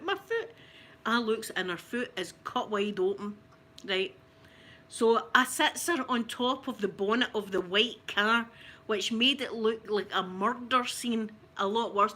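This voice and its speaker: A woman with a Scottish accent telling a family story in casual talk, animated and often laughing. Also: fairly high pitch. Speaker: ASMR channel host telling a family story.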